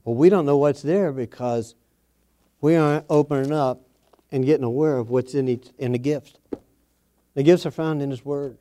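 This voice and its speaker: A middle-aged man delivers a sermon in a folksy, homespun way, repeating phrases for emphasis. His voice is mellow and warm, sitting at an ordinary pitch for a man. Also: normal speed, long pauses. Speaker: preacher.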